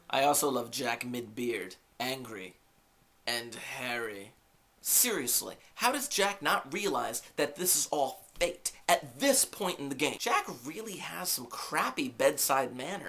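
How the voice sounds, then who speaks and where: A man hosting a podcast, giving a casual recap of a TV episode with lively, jokey asides and rhetorical questions. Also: mid-range voice. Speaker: podcast host.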